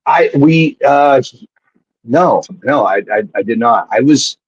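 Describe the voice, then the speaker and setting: Man, guest storyteller, husky, dry dull lo-fi sound, profane and rambling. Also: mid-range voice, expressive, slow pace. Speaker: guest, former wrestler. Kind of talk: casual storytelling.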